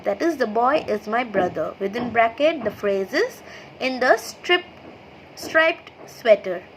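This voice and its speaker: A high-pitched woman with an Indian English accent teaches a children's grammar lesson, reading each example aloud and stopping to say "okay". A faint hiss sits under her voice. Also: a bit bright, poor audio. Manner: reads sentences aloud, then names the punctuation; slow, explanatory, checks in with "okay". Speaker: school teacher. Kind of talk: online class lesson over slides.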